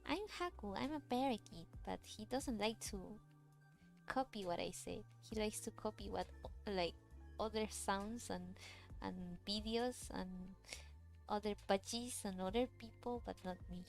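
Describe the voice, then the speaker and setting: A woman's voice: mid-range voice, fairly even intonation, unhurried, gravelly, soft background music. A woman chatting casually while she draws, rambling with many fillers and restarts. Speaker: VTuber artist streaming a drawing session. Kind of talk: casual chat while drawing.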